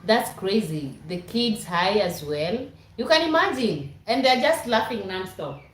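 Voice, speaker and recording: Slow-talking woman reading live chat. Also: mid-range voice, lively intonation, slight background noise. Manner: chatty, laughs often, reads comments aloud. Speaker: livestream host reading chat. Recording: roomy echo.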